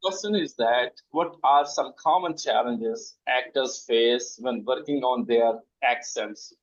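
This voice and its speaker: A man's voice: mid-range voice, slow pace. Man asking questions over dull call audio. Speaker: interviewer. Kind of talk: interview questions.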